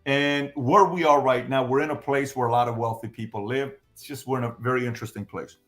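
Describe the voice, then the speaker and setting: A man's voice: medium pitch, steady tone, brisk, a bit bright, faint music behind. Emphatic man with a Middle Eastern accent. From Middle East. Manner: emphatic, repeats points, rhetorical questions. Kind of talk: opinionated political talk.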